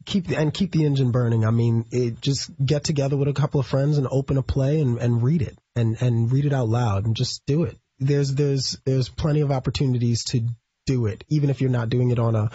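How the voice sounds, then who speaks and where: A male stage actor being interviewed on the radio, with a slightly husky voice. He explains things thoughtfully, pausing and searching for words. The sound is dry and dull, like lo-fi broadcast audio. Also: medium pitch, steady tone, warm tone, dry recording. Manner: thoughtful, explanatory, with pauses and fillers. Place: radio studio.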